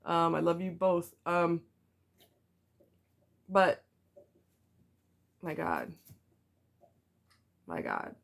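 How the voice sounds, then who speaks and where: A woman's voice: lowish voice, very animated, very slow, gravelly, pauses often. Blunt woman ranting to camera. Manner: blunt, emphatic, repeats herself for stress. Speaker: vlogger.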